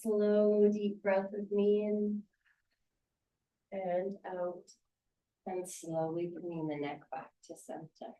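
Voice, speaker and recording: A woman's voice: mid-range voice, dark tone. Soothing woman guiding a yoga class. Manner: soothing, encouraging, unhurried cues. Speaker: yoga teacher. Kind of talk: guided yoga class instruction. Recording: roomy sound from a distance.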